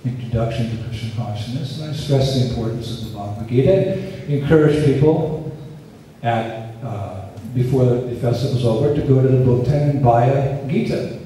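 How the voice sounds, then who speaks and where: A man giving a scripture lecture at a festival, telling a story in an unhurried, earnest way with quoted dialogue. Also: mid-range voice, mellow, a little hiss or hum. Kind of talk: storytelling sermon. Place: festival lecture venue, distant mic. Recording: echoey hall, speaker far from mic.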